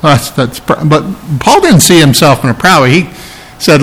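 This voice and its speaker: A man's voice: on the high side, sing-song, moderate pace, fairly bright tone, poor audio. A man preaching an expository sermon, teaching earnestly and repeating phrases for emphasis. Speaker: pastor.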